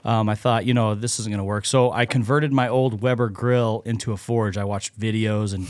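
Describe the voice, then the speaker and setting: A man's voice: on the low side, fairly even intonation, normal speed, darkish tone, no room sound. A man in his thirties, a knife maker and podcast guest, telling rambling, self-deprecating stories in casual chat and laughing often.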